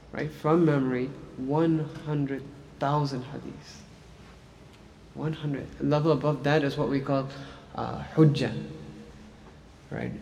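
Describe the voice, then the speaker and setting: A man's voice: medium pitch, vocal fry, a little mellow, in a large hall, slight background noise. A man teaching Islamic studies in a casual lecture style, talking conversationally and often checking in with "right?". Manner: conversational, frequent "right?" and "like" fillers.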